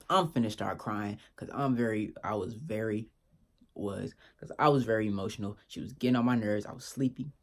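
A young man tells a storytime on his vlog in loose, slangy talk. His voice sits low and gravelly, with a husky edge, and he keeps checking in with his listeners as he goes. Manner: laid-back slangy storytelling, keeps asking "you feel me". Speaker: vlogger.

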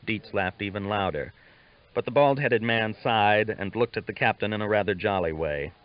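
A man reading a novel aloud as an audiobook narrator, steady and measured, on a dull lo-fi recording. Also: fairly low pitch. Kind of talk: scripted narration.

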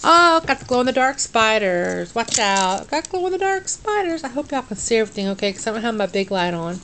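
A woman's voice: on the high side, big pitch swings, a little fast, a bit bright, a little hiss or hum, low-quality recording. A middle-aged woman, chatting casually as she unboxes a craft package at home, sounding tired and tongue-tied. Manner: drowsy, sluggish and tongue-tied. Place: dim room at home.

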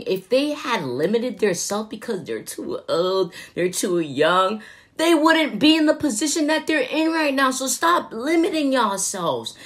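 Husky, emphatic motivational speaker woman. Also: medium pitch. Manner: emphatic, swearing, slangy. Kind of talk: casual motivational talk.

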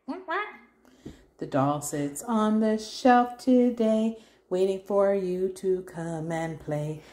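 Slow sing-song mom, roomy sound. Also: female voice, medium pitch, warm tone. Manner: sing-song, spells words letter by letter. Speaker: mother reading a workbook to her child. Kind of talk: reading aloud to a child. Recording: roomy echo.

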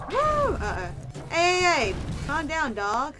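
A playful woman commenting on her own gameplay, with a high and wildly lively voice that whoops and jokes in slang. She talks at an unhurried pace, and clear background noise hums under the home recording. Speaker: let's play gamer.

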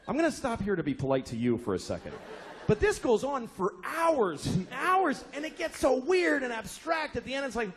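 Male comic, 40s, high and very animated delivery, profane exasperated rant. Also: moderate pace. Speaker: stand-up comedian. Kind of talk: stand-up comedy routine.

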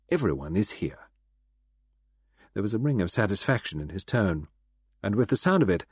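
A man narrating a mystery audiobook in an expressive, scripted delivery. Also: fairly low pitch, slightly rough, dry recording, clean studio sound.

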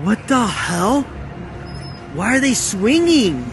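A man's voice: very high voice, very animated, takes it slowly, over music. A man making a prank vlog outdoors in a park, jumpy and often whispering as he acts scared. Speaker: prank vlogger. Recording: loud outdoor noise.

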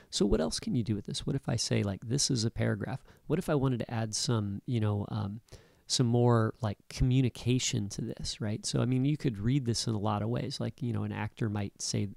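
Male tutor, gravelly mid-pitched voice, relaxed explainer, dry close-mic sound. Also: dry recording. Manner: casual, keeps checking in with "right?" and "okay?". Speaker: instructor. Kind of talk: screen-recorded coding tutorial.

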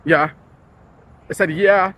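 A man's voice: high-pitched, fairly even intonation, slow pace, fairly bright tone. Jumpy young man swearing outdoors. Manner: jumpy, swearing, rambling with lots of "like". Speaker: ghost-hunting vlogger. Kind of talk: casual paranormal investigation chat. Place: outdoors at night near a school. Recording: outdoor recording with street noise.

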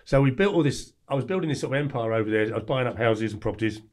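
Fast-talking man in his forties, animated storyteller. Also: mid-range voice. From England. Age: 40s. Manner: blunt, animated storyteller who acts out quoted lines. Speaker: podcast guest. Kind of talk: storytelling interview.

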